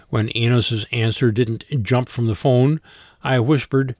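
A man narrating a first-person audiobook story in an even, dry storytelling manner. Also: mid-range voice, measured pace, no room sound.

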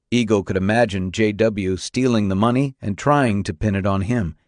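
A man narrating a novel in a steady, even storytelling manner. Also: fairly low pitch, moderate pace, hardly any pauses, no room sound, studio quality. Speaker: audiobook narrator. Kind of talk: scripted narration.

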